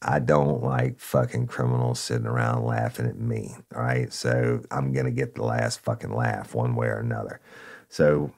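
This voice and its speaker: A man's voice: steady tone, normal speed, darkish tone. A man, a former narcotics officer telling a true crime story in a blunt, profane way. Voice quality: gravelly, very deep. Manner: blunt and profane, addressing listeners as y'all.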